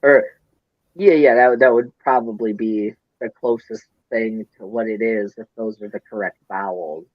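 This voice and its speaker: A man's voice: on the low side, steady tone, normal speed, no room sound, highs cut off. A man with a Midwestern accent, co-hosting a casual podcast chat, rambling and swearing as he gets flustered. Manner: rambling, profane, flustered ranting. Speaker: podcast co-host.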